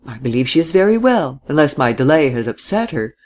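A reserved young man answers in quiet, low, clipped replies, as a male reader voices him. His tone stays guarded and dry in this storybook telling. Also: very animated, brisk.

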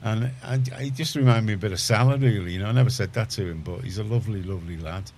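Deep-voiced Liverpool radio host. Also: male voice, fast talker, darkish tone, slight background noise. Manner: rambling, chatty, many restarts. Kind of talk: casual studio chat. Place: community radio studio.

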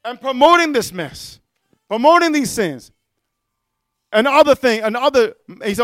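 High-voiced fervent male preacher. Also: expressive, normal speed, pauses often, no room sound, studio quality. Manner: fervent, punctuates with "amen?" and "hallelujah"; rises to shouting at times. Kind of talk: sermon.

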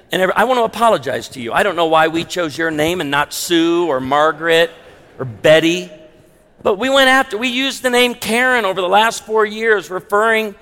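A man's voice: high voice, pushed and bright. A man preaching a sermon as pastor, conversational with humorous asides. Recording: long hall reverb.

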